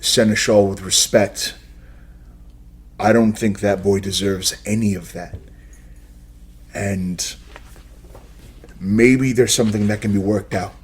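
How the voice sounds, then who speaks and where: Man doing an angry hulking vampire sheriff, forceful, husky, tabletop game. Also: fairly low pitch, fairly even intonation, takes it slowly, pauses often. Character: big, muscular, older male vampire sheriff, angry.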